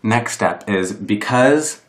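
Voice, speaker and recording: A young male vlogger talks through a casual makeup tutorial in a room at home, his camera propped on a box. He rambles, pokes fun at himself, and says "like" constantly, in a lowish, animated, slow voice. The room gives a roomy echo.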